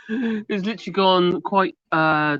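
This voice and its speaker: A chatty man co-hosts a casual livestream, practical and quick to laugh. His voice sits a little high. The sound is dry and close, and the stream audio is dull and lo-fi. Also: fairly bright tone, no echo. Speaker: livestream co-host.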